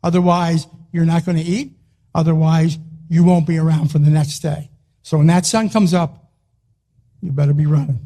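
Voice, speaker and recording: A man delivers a rousing motivational talk, his voice pitched high for a man. He hammers short phrases again and again like a wrestling coach pushing his team. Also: little pitch movement, moderate pace, dark tone. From Philadelphia, US. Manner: emphatic, punchy, repeats short phrases. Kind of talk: motivational speech.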